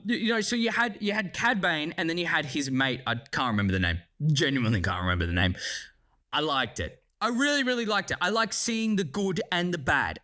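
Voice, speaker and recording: A man giving a casual spoken review of a series, animated and excitable, swearing freely as he talks. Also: on the high side. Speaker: show reviewer.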